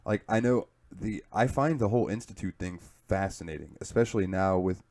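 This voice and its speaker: Deep-voiced man rambling casually. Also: brisk, darkish tone. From southern United States. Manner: rambling, profane storytelling. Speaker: podcast co-host. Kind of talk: casual chat.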